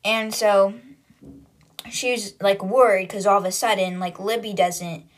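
On her book podcast, a woman casually recaps a chapter, retelling the story in a relaxed, talkative way at a measured pace. Her middle-pitched voice stays loose and conversational, paraphrasing with lots of "like" and other fillers.

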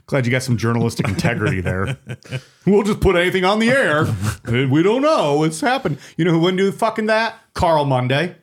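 Animated, joking man in casual chat. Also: a little high, brisk. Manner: joking, animated, swears freely. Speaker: podcast co-host.

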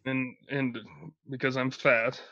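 A man's voice: medium pitch, little pitch movement, slow pace, pushed and bright, no echo. A man co-hosting a podcast, chatting casually in a dry, matter-of-fact way. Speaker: podcast co-host. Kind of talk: casual chat. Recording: slightly dull lo-fi mic.

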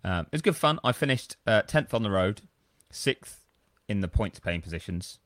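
Very deep-voiced man chatting casually. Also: lively intonation, moderate pace, a bit bright, dry recording, clean studio sound. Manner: rambling, self-deprecating storyteller. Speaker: podcast co-host. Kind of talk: casual chat.

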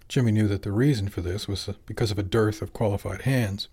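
A male narrator reading a novel aloud in an audiobook style. His delivery is measured and even, and his voice sits on the low side. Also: slightly rough.

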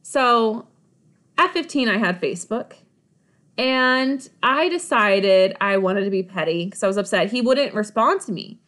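A woman with a fairly high voice co-hosting a podcast. She tells a personal story casually and dramatically, punching her points with quick asides and often laughing as she talks. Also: expressive, a bit bright. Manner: emphatic, dramatic retelling with frequent asides; laughs while talking. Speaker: podcast co-host.

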